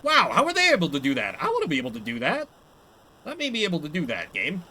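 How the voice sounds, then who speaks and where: A man's voice: sits high, huge pitch swings, quick pace, bright, forceful tone, a little hiss or hum, poor audio. A young man chatting casually and laughing at himself while he plays a game live. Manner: chatty, self-mocking, laughs often. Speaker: streamer. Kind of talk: live gameplay commentary.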